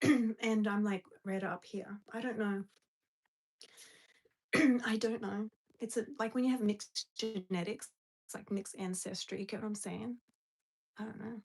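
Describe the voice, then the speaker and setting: Woman, young adult, live-stream host, casual chat with viewers, giggly, rambling, middle pitch. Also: fairly even intonation, measured pace, vocal fry, long pauses, slightly rough, poor audio. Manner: chatty and giggly, rambling with restarts. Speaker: livestream host. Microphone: phone or webcam on a live stream.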